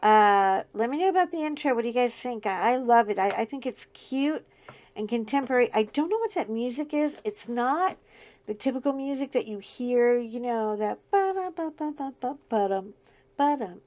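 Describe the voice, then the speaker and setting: A woman's voice: on the high side, animated, moderate pace, a little mellow. A middle-aged woman with a scratchy voice, chatting casually and laughing often as she talks through her crafting. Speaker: crafting channel host. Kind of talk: casual chat while diamond painting.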